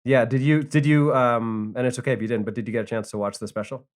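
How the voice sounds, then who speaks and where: A man speaks at a middle pitch in relaxed podcast talk. As a guest comedian he rambles in loose, friendly bursts, often restarting his sentences. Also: fast. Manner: chatty, many fillers and restarts. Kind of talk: casual podcast chat.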